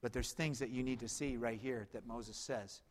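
A man preaching a sermon, swinging between loud, urgent stretches and low, quiet emphasis. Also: fairly even intonation, moderate pace. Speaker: pastor. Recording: long hall reverb.

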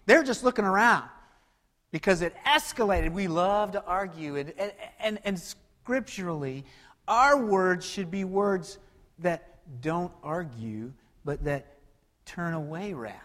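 High-voiced preacher in a reverberant hall. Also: male voice, expressive, a little slow. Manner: preaching with wide swings from loud to hushed. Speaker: pastor. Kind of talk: sermon.

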